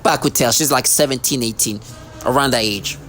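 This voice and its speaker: A man's voice: medium pitch, fairly quick, a bit bright, faint music behind. Rambling, agitated man talking to camera. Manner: agitated, repetitive, profane, many restarts. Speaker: vlogger.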